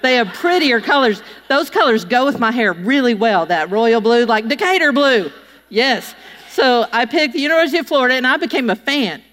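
A woman's voice: a little high, normal speed. Storytelling woman preacher in a reverberant hall. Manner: chatty, animated storytelling with acted-out voices. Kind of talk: sermon with personal stories. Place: church hall.

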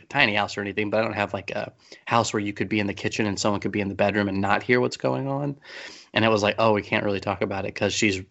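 A man's voice: fairly low pitch, vocal fry, fairly bright tone, lo-fi sound. A man co-hosting a podcast in casual chat, joking and rambling with self-deprecating asides. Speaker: podcast co-host. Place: basement at home.

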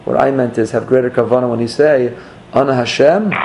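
A man voicing a calm, wise Hasidic rebbe who explains gently and patiently. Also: medium pitch, brisk, a little hiss or hum, natural voice. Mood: gentle.

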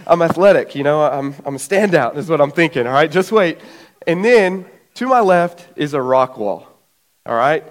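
Slightly breathless, a twenty-something preacher animates his sermon with a personal story, imitating the voices of his family. His voice sits a little high, and his speed is normal.

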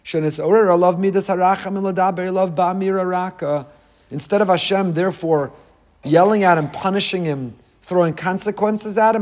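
Rabbi, male, high-pitched, preaching with passion and repeated phrases. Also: a little fast, a little mellow. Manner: impassioned, repetitive rhetorical cadence. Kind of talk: Torah sermon on the weekly portion.

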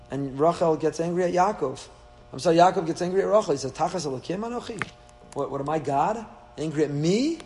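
Lively rabbi lecturing in an echoey hall. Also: male voice, on the high side. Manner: lively, rhetorical questions, dry asides. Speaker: rabbi teaching a Torah class. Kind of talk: Torah class lecture. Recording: echoey hall with faint hum.

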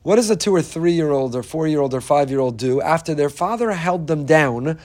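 A man's voice: fairly high pitch, expressive, normal speed, a little mellow. A man giving an inspirational Torah talk, telling stories earnestly and emphatically, often repeating phrases for weight. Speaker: Torah teacher.

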